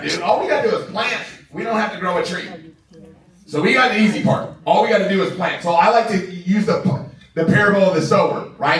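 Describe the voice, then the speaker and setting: A man giving an energetic, excitable motivational training talk to a live audience in a large room, laughing often and asking "right?" a lot. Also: sits high. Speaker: sales trainer. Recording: echoey room, voice from far off.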